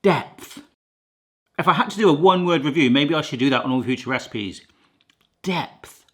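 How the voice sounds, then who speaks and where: A man chatting cheerfully through a home cooking video. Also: moderate pace. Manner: chatty, jokey, lively pitch. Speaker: cooking vlogger. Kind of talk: casual cooking narration.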